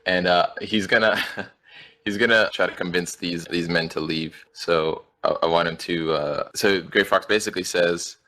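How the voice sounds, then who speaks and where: A man's voice: low voice, fairly even intonation, moderate pace, pushed and bright. A man playing a tabletop game, chatting casually and a bit hesitantly. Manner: hesitant, laughs often. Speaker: player.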